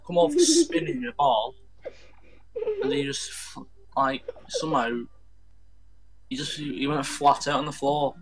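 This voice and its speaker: A man's voice: on the high side, noisy background. A man chatting casually while gaming, rambling through a story and acting out the voices of the people in it. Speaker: gamer.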